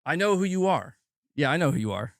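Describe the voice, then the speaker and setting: A young adult man streaming about games, venting in a profane, animated way and acting out mock quotes of his critics. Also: fairly high pitch, fairly quick, creaky, no echo, studio quality. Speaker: gaming streamer. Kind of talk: casual livestream rant.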